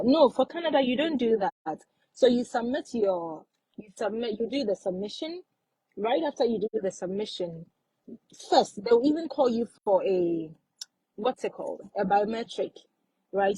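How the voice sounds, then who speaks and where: A woman's voice: medium pitch, dark tone, husky, no echo, poor audio. A woman hosting a casual live stream, giving advice and repeating her points for emphasis.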